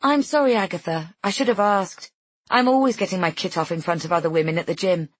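A woman's voice: fairly low pitch, animated, very fast, husky, dry recording. A woman voicing a chatty, eager pregnant young woman in an audiobook. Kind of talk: audiobook character voice.

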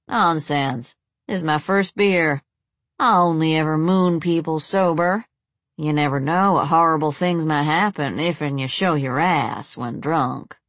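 A woman reading a smug southern army veteran with a slow, lazy drawl. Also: low voice, no echo.

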